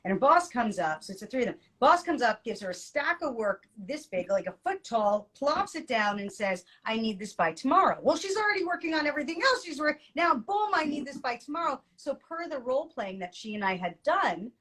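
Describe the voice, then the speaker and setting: A woman co-hosting a podcast, telling a client story in a lively way and laughing often. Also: high-pitched, brisk, few pauses, husky. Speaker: podcast co-host and coach. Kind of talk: casual podcast chat.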